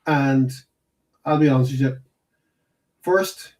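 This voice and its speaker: A man hosting a casual film chat, relaxed and often giving short agreeing replies. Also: medium pitch, slow. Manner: relaxed, brief agreeing interjections. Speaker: host.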